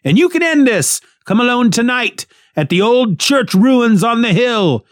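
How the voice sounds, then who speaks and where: A man's voice: extremely high pitch, sing-song, unhurried, no echo, clean studio sound, voice pushed up, exaggerated voice. A man reading out a vengeful male villain's threat in a raised, declaiming voice. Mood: menacing.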